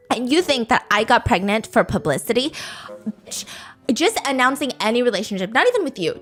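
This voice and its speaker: A woman's voice: fairly high pitch, a bit bright. A woman ranting as a furious cursing influencer.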